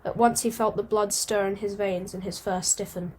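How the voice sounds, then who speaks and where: A woman reading a storybook aloud at a mid-range pitch. She keeps a steady pace but now and then stumbles and starts a phrase over. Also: moderate pace, slight background noise. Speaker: audiobook reader.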